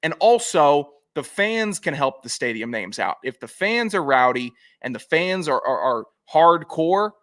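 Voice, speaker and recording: Man, sports podcast co-host, blunt, joking, fairly high voice. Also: big pitch swings, a bit bright. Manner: blunt, joking, quick rants. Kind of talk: casual sports chat.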